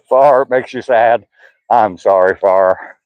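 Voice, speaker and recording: A man's voice: fairly low pitch, very slow, dry recording, dull audio. An older man chatting casually with live chat viewers by name on an outdoor walk, mentioning his sore hip. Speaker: vlogger reading live chat.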